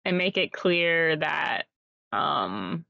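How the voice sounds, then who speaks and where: A woman's voice: deep voice, big pitch swings, extremely slow, creaky, pushed and bright, dry recording. A woman playing a tabletop role-playing game, talking hesitantly and thinking aloud. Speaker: player. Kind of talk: tabletop role-play, casual chat.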